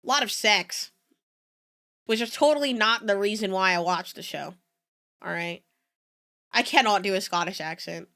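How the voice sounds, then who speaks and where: A woman's voice: mid-range voice, normal speed, long pauses, bright, forceful tone. A young adult woman, a native Spanish speaker, chatting casually with her stream audience, rambling and giggling between asides. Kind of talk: casual reaction-stream chat.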